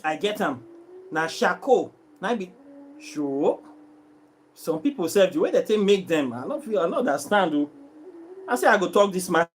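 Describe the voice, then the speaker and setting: A Nigerian man with a high voice and a Nigerian accent that drifts into Pidgin, speaking to his channel's viewers. He vents in an exasperated, repetitive way, circling back to the same complaint again and again. It comes across as an unscripted vlog rant. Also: a little hiss or hum. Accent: Nigerian, mixing in Pidgin. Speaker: vlogger selling herbs and spiritual products.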